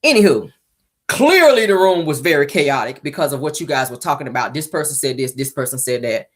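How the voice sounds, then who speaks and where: A woman hosting a casual reality show recap, sassy and animated, acting out the cast's lines in different voices. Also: deep voice, brisk.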